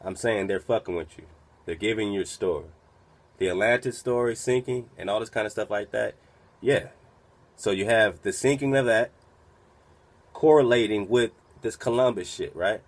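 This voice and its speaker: Male radio host, lowish voice; preachy, profane commentary full of rhetorical questions. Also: normal speed. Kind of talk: commentary over a played recording.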